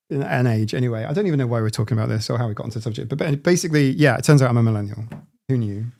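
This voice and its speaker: A man in his forties hosting a casual live stream, reading out viewer comments and talking in halting bursts full of restarts. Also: mid-range voice, creaky, a little mellow. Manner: halting, frequent restarts and self-interruptions.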